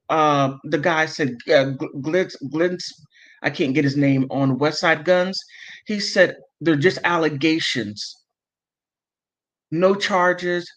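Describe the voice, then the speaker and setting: A man hosting a livestream, reading chat comments aloud and riling himself up, often stopping to apologize and correct himself. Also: a little high. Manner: emotional, heated, self-interrupting and apologetic. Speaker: livestream host. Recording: dull lo-fi audio.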